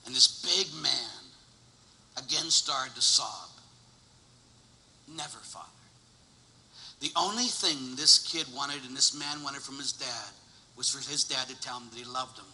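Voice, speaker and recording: A priest in his forties preaching a lively sermon, swinging from loud exclamations to hushed storytelling. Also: mid-range voice, unhurried. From Pittsburgh, USA. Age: 40s. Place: church. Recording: long church reverb.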